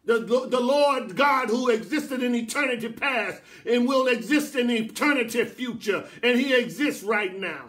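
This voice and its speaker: A man preaching a sermon as pastor in a church, building to shouted, repeated lines. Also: very high-pitched, moderate pace, few pauses.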